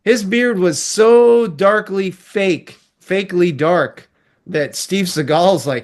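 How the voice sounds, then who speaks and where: A man's voice: high-pitched, slow. A man reviewing a film in casual chat, rambling and chuckling as he talks.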